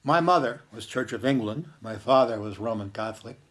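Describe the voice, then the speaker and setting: A man's voice: medium pitch, animated. Older man telling a reflective story. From Canada. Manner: slow, reflective, with hushed quoted lines. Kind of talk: personal storytelling monologue.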